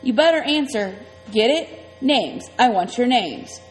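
A woman voicing a menacing, burly male biker gang boss who talks in a gruff, taunting way. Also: fairly high pitch, expressive, unhurried. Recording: long reverb, faint music.

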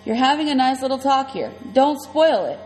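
A woman voicing a menacing, burly male biker gang boss who talks in a gruff, taunting way. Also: high-pitched, big pitch swings, moderate pace, darkish tone, pitched above the performer's own voice. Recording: long reverb, faint music.

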